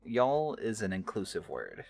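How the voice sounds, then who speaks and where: A man's voice: fairly low pitch, huge pitch swings, vocal fry, a little mellow, husky, no echo, soft background music. A man from the Southern US co-casting a game stream in a casual, playful way. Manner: playful, quick to laugh along. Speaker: tournament co-caster.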